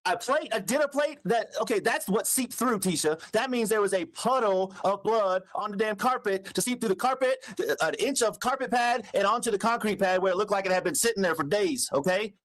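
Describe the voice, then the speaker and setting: Man, furious phone argument, yelling, cursing, quick delivery. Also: high voice. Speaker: caller on a recorded phone call.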